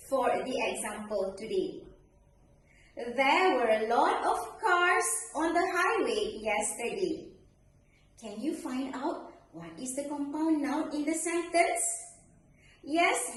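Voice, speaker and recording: Slow sing-song woman teaching grammar. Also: high-pitched, a bit bright. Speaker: primary school English teacher. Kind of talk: recorded grammar lesson for pupils. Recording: echoey room, distant mic, faint noise.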